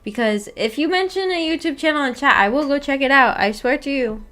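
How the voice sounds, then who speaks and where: A woman streamer with a slightly high voice chats casually with her live viewers. She rambles as she reads chat aloud and breaks into giggles often. Soft background music plays faintly under her voice. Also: a little fast.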